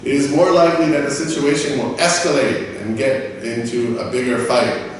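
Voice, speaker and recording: A man's voice: normal speed, slight background noise. A man teaching a business English lesson, telling customer service stories and acting out staff and customers. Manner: animated storyteller, acts out quoted staff in a higher voice. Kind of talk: lecture with personal anecdotes. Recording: echoey room, mic far off.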